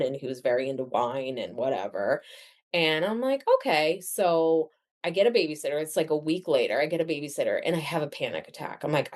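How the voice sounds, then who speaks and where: A woman in her thirties tells her own story as a podcast guest, with lots of fillers and a casual flow. Her voice sits on the low side for a woman, and her pitch swings widely as she talks. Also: brisk. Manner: chatty, animated, lots of fillers.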